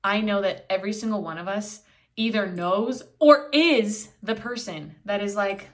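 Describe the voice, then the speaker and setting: A woman's voice: mid-range voice, unhurried, fairly bright tone. Young woman, solo podcast host; candid, blunt, casual, swears freely, acts out quotes; recorded on camera indoors. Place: indoors, filming herself on camera.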